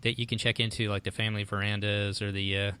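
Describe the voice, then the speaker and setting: Man, podcast host, relaxed, asks questions, lots of fillers, bright tone. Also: lowish voice, quick pace, smooth. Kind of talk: casual podcast chat.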